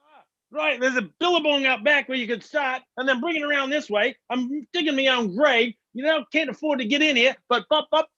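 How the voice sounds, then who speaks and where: A man's voice: extremely high pitch, brisk, pushed and bright. A man doing a jolly Aussie gravedigger. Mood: jovial. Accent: put-on Australian. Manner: boisterous, rambling. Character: chatty Australian male gravedigger, flirty. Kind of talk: improv comedy scene. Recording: muffled, lo-fi sound.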